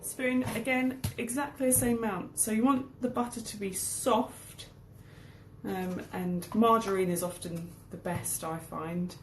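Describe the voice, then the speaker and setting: An English teacher bakes in her home kitchen and explains word meanings as part of a casual cooking lesson. She speaks in a mid-range voice with a steady tone and measured pace, in a reverberant room with a little hiss or hum.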